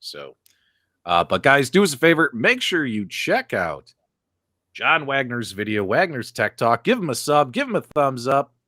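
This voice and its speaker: A man co-hosting a casual live stream about gaming, teasing and talking to the chat, swinging from loud calls to muttered asides. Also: medium pitch, very animated, normal speed, dry recording, clean studio sound. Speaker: co-host of a retro gaming live show.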